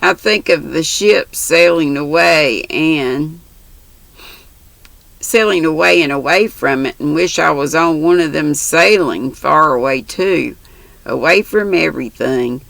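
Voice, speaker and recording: A woman voicing a blunt, rough-talking orphan girl with plain country grammar, reading a storybook aloud. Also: sits low, unhurried, a bit bright, no room sound, heavily acted, low-quality recording. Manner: plain-spoken, rustic grammar.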